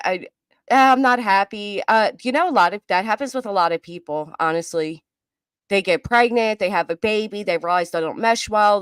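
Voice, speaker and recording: A woman's voice: medium pitch, dry recording, studio quality. A woman doing live reaction commentary, chatty and reading viewer comments aloud. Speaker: commentary streamer.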